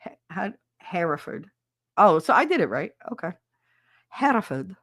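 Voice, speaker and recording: A woman hosting a casual livestream chat, reading comments aloud and answering them in a brash, swearing way, with frequent laughter and quick mimicry. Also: on the low side, big pitch swings, fairly bright tone, dry recording, clean studio sound. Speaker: podcast host reading chat.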